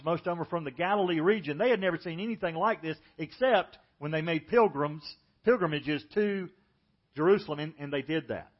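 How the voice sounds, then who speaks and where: A middle-aged man preaching a sermon as pastor, telling the story vividly and acting out the voices he quotes. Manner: storytelling, acts out quoted speakers with lifted pitch. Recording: dull lo-fi church audio.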